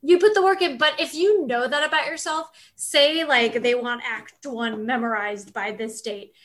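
A woman co-hosting a casual podcast chat, talking in an animated, chatty way with lots of "like". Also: sits high, normal speed. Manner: animated, chatty, uses "like" often. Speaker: podcast co-host.

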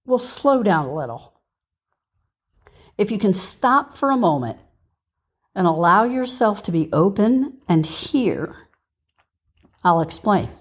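A woman's voice: medium pitch, very animated, slow, long pauses, slightly rough. A woman hosting a podcast and teaching scripture in an earnest way, reading verses aloud and stopping to give reference numbers.

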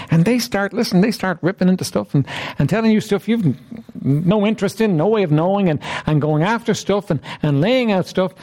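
A man's voice: high-pitched, a little mellow. A man preaching an interactive sermon, repeatedly questioning his listeners with emphasis.

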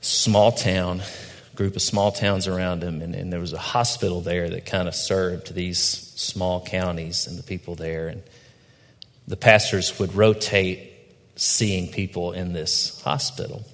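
A pastor delivers a sermon in a low, unhurried voice. His tone is gentle and reflective as he tells stories to the congregation. The sound rings out with the long reverb of a church hall. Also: steady tone. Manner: storytelling with acted quotes, reflective and gentle.

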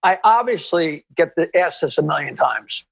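A male comedian, an interview guest, telling stories in an animated, rambling way with many restarts and asides. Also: fairly high pitch, moderate pace, gravelly, breathy edge. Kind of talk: anecdotal storytelling in an interview.

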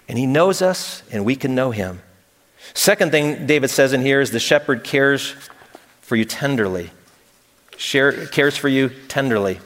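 A man's voice: mid-range voice, a bit bright. A man preaching a sermon as pastor, earnest and building to emphatic peaks, with touches of humor. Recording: long hall reverb.

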